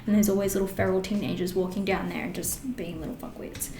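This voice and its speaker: A woman in her twenties with an Australian accent, chatting in a rambling, animated way through a get-ready-with-me beauty vlog. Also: mid-range voice, a little fast, hardly any pauses. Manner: rambling and animated, many fillers. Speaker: beauty vlogger. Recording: roomy echo.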